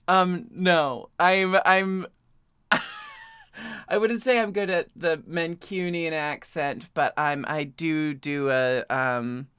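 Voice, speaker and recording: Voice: mid-range voice, wildly swooping pitch, slow pace, fairly bright tone, clean tone, no room sound. A panel guest chatting casually, with dry jokes and laughter.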